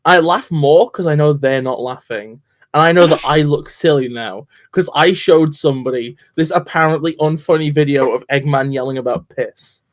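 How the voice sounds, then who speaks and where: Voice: mid-range voice, moderate pace. A streamer from the north of England with a mild northern English accent, telling stories in casual, sweary chat. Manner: swearing, animated storytelling. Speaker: streamer co-host.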